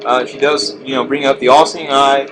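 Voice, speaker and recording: A man's voice: medium pitch, level tone, moderate pace, very noisy. A man narrating a video game walkthrough in a casual, rambling, profane way. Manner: profane, rambling, laid-back. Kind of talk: casual gameplay commentary. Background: game music.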